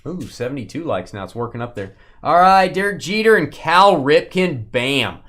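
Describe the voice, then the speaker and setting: A man's voice: a little high, very animated, normal speed, fairly bright tone. A man hosting a live stream where he opens sports cards, chatty and joking, calling out viewers by name. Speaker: live card break host. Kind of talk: live stream chat while opening cards.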